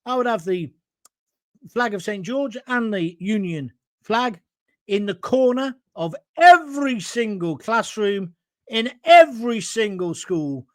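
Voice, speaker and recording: Speaking slowly in an animated, high-pitched voice, a middle-aged English live-stream host reads viewer comments alone at home. He's blunt and combative, ranting away and throwing in jokey asides; the audio is clean studio sound with no echo.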